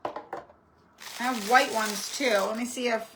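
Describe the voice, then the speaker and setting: A woman's voice: fairly high pitch, fairly even intonation, slow pace, noisy background. A woman hosting a live-stream craft tutorial, chatty and rambling as she greets viewers by name. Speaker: craft channel host.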